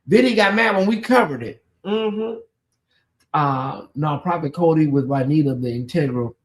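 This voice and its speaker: A high-voiced man runs a late-night gossip livestream in a loose, chatty way. He talks straight to his viewers and breaks off into animated asides, with a lilt. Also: moderate pace. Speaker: livestream host.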